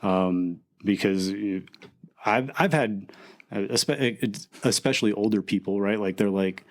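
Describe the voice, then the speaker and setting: Low-voiced man rambling in casual chat. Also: measured pace. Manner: rambling, full of restarts and "like". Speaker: podcast co-host. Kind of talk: casual faith-based chat.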